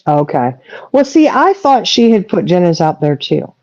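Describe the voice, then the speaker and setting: A middle-aged woman, chatting on a livestream and telling stories with animated quoting. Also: lowish voice, normal speed, dry recording. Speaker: co-host. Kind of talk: casual chat on a livestream. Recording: dull lo-fi audio.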